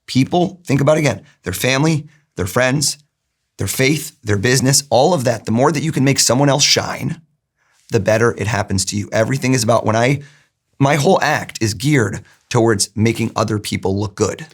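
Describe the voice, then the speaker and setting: A man's voice: medium pitch, fairly quick. A middle-aged man, an interview guest, telling stories animatedly and acting out what others said. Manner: animated storyteller, acts out quoted lines. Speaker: guest, mentalist. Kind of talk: conversational interview storytelling.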